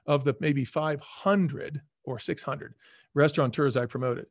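A middle-aged man, a former restaurant executive, telling stories as an interview guest in an energetic, emphatic way. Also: a little high, moderate pace, no room sound, clean studio sound. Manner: energetic, emphatic, acts out quoted people. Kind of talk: casual storytelling in a podcast interview.

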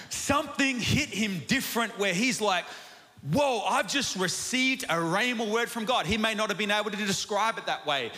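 Aussie pastor telling a story in a sermon, fairly high voice, lots of "right?", echoey church hall. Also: male voice. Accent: Australian. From Australia. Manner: animated, chatty, asks "right?" often. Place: church auditorium. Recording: long hall reverb.

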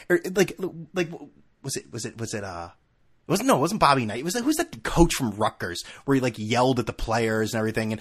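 A man's voice: medium pitch, very animated, fast talker. A man in his thirties hosting a solo podcast from a room at home, ranting in a profane, sarcastic and heated way, full of restarts. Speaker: podcast host.

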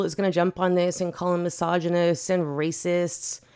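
Podcast host, female, a bit low-pitched; foul-mouthed, indignant ranter. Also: little pitch movement, normal speed, darkish tone, clear, resonant tone. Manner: profane, indignant, blunt. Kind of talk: ranting podcast commentary.

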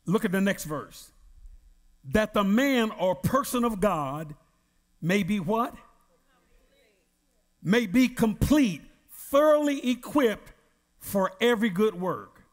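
A high-pitched male pastor preaches slowly, stretching phrases and swinging his pitch widely. He calls out for the congregation's response. His voice carries a long reverb from a large hall. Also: lively intonation. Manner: emphatic, drawn-out preaching with call-and-response. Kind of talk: Bible study sermon.

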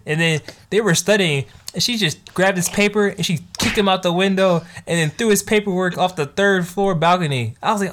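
A man chatting casually as host of an anime review, animated and slangy, laughing often. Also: high-pitched, a little fast, hardly any pauses.

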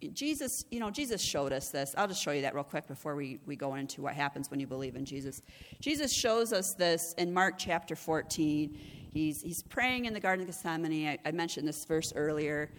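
A middle-aged woman preaching a sermon, earnest and conversational, often restarting and asking "right?" as she goes. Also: sits low. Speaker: executive director and preacher. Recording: long reverb of a hall.

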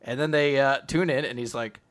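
A man's voice: medium pitch, a little fast, a bit bright, smooth. A man hosting a casual recap, rambling and laughing as he retells the chapter. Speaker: podcast host recapping an anime. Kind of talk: casual chat.

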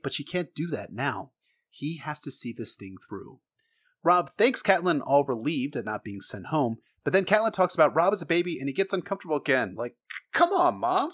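A man hosting a podcast, recapping a book chapter in a casual, joking, sarcastic way, swearing and acting out the characters' lines. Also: medium pitch. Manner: lively, sarcastic, swears freely, acts out quotes. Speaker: podcast host.

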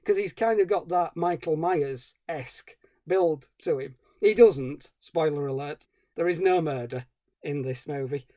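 A man with a higher voice and dark tone co-hosts a film podcast, speaking at a measured pace. He rants about a movie with wry sarcasm in casual review chat, recorded at studio quality with no echo.

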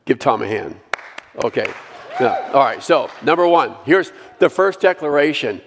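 A male pastor preaching a sermon, earnestly leading the congregation in repeated declarations and dropping to a hushed voice on scripture. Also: medium pitch, big pitch swings, normal speed, long reverb tail, some chatter behind.

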